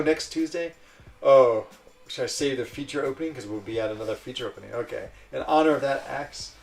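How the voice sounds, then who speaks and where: A man's voice: medium pitch, gravelly, darkish tone, recorded from a distance. A man casually chatting on a live stream, reading out and answering chat messages in a rambling way. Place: lives in a village in Switzerland.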